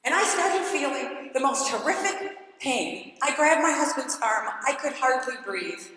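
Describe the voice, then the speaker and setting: A woman tells her faith story with dramatic flair, her voice high and bright. She is a keynote speaker in a large church, and the sound rings out in a long, echoing hall reverb. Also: lively intonation, measured pace. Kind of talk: testimony talk at a women's church event.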